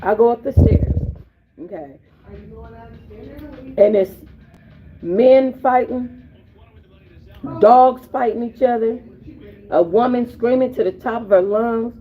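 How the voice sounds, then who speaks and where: A woman host telling a personal story in casual, animated, profane slang. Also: on the high side, takes it slowly, pauses often, soft background music. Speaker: podcast host. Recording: tinny phone-like audio.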